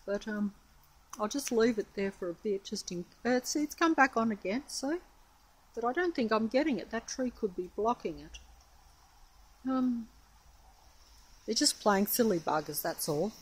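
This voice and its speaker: A woman's voice: on the high side, expressive, moderate pace, pauses often, breathy edge, poor audio. An Australian woman narrating a casual phone video outside on a windy, rainy street, talking in a hesitant, rambling, wary way. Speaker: vlogger. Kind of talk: casual filmed commentary. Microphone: mobile phone camera.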